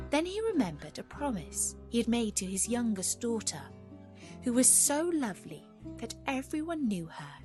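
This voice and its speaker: A woman reading a fairy tale aloud as a gentle bedtime story. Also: mid-range voice, breathy edge, no room sound, studio quality.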